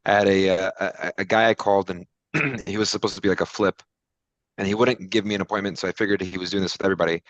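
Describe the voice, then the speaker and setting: Low male voice, quick talker, casual anecdote, dry sound. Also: steady tone, fairly bright tone, no room sound, dull audio. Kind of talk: casual storytelling.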